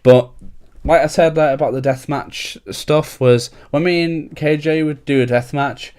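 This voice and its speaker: A man's voice: a little high, fairly even intonation, unhurried, darkish tone, smooth. A young man, talking casually and at length as a podcast host, swearing freely and laughing often.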